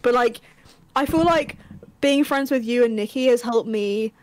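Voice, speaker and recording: Young woman, fairly high voice, dry mic, earnest rambling chat. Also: moderate pace, a little mellow, no room sound, low-quality recording. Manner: earnest, rambling, self-deprecating. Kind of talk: casual stream chat.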